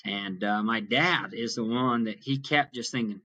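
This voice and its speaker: Young male guest, bright and forward tone, earnest animated storyteller. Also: mid-range voice, moderate pace. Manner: earnest, animated retelling with acted quotes. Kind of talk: storytelling in an interview.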